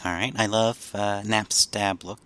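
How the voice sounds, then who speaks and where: A man hosting a casual group chat, upbeat and quick to laugh. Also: lowish voice, fairly even intonation, a bit bright, smooth. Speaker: podcast host.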